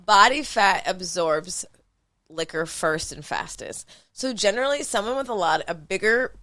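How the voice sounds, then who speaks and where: A woman in her thirties co-hosting a casual podcast, explaining herself quickly and emphatically. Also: mid-range voice, expressive, bright, forceful tone, no echo. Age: 30s. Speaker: podcast co-host. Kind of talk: casual chat.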